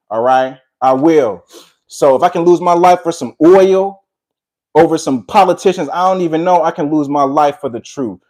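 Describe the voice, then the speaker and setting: A man's voice: on the high side, a little mellow. A man delivering a combative, preachy monologue that alternates between heated talk and reading a prepared text, often repeating "all right". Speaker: commentary vlogger.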